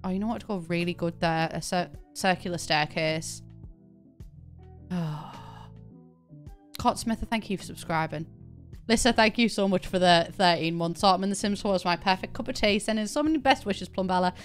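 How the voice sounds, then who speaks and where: A woman's voice: fairly low pitch, moderate pace, faint music behind. A young British woman in casual live-stream chat while she plays, rambling, laughing often and swearing offhand. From Britain. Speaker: game streamer.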